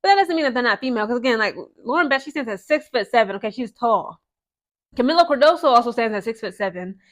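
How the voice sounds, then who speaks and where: A young woman with a slightly high voice giving casual sports commentary to her followers. She talks in an animated, chatty way and keeps checking in with her audience as she goes. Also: quick pace. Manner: chatty, animated, frequent "okay?" and "guys" asides.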